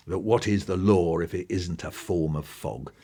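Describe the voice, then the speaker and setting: A man, an interview guest talking with lively enthusiasm and acting out bits of what he describes. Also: low-pitched, normal speed, slightly rough. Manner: animated, quoting and acting out passages. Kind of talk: podcast interview.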